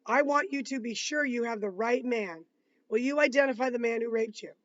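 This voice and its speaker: Reading aloud, a man plays a calm, patient lawyer who probes a witness with measured questions. His voice is extremely high, and the recording sounds muffled.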